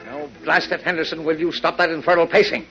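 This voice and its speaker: An actor playing a gruff, exasperated middle-aged mayor in a 1940s radio drama. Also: male voice, on the high side, fairly even intonation, fast talker, background noise, close to an everyday voice. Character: blustery middle-aged male city mayor and editor. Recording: dull, lo-fi old radio recording.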